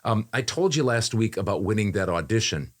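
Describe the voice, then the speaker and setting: A man's voice: fairly low pitch, expressive, brisk. A man who works as a voiceover artist talks through a recent job in a casual podcast chat, speaking conversationally, repeating phrases and often using fillers.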